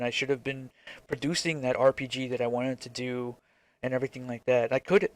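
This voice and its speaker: Frank, rambling male indie developer. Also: medium pitch. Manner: frank, rambling, swears freely; hesitant, many restarts. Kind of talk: casual reflective vlog.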